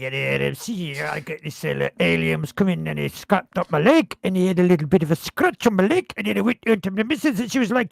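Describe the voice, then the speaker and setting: A man co-hosting a casual podcast, joking loudly, swearing and slipping into mock voices. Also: sits high, animated, quick pace, vocal fry, few pauses, no echo, clean studio sound. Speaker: podcast co-host. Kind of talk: casual chat.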